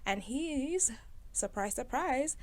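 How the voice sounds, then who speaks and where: A young woman hosting a film review in casual, sarcastic commentary, chatty and quick to laugh. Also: high voice, animated. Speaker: video host reviewing a film.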